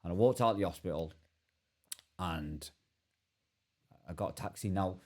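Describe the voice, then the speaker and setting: Man, candid guest storytelling, halting restarts, mellow dark tone. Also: deep voice. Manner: earnest and halting, many restarts. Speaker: podcast guest.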